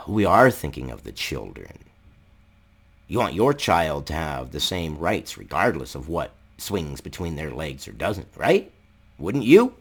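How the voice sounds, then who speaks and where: A man's voice: a bass voice, sing-song, measured pace, creaky, husky. A man ranting angrily in a vlog, swearing heavily, raising his voice and firing off rhetorical questions. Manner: profane, heated, shouting at times. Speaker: political commentary vlogger. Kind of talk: angry ranting commentary.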